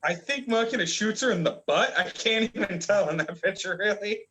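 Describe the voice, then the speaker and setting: A man's voice: high voice, fairly quick, sharp tone, poor audio. Man rambling through a plot recap. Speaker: manga reviewer. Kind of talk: casual chat.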